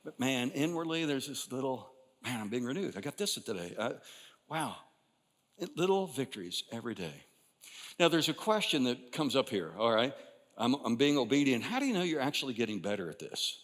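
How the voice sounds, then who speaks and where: An older male pastor delivers a sermon from a church sanctuary, his voice trailing off in a long hall reverb. He preaches conversationally, restarting phrases and rising into emphatic bursts before easing back down. His pitch sits mid-range for a man. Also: sing-song, moderate pace. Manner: builds to emphatic bursts, then drops quiet.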